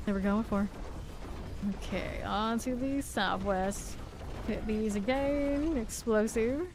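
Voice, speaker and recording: Gravelly-voiced woman streaming a game. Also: mid-range voice, slow, a little hiss or hum. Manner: relaxed, chatty, narrating her moves with small laughs. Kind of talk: casual live gameplay commentary.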